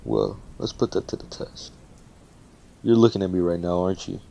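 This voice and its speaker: Picture a stoic teenage boy hero in a spoken fan story, calm and completely unbothered, a man doing the voice in his own low tone. He talks flat and deadpan, never raising his voice, with a deep, low register. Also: normal speed, vocal fry, exaggerated voice.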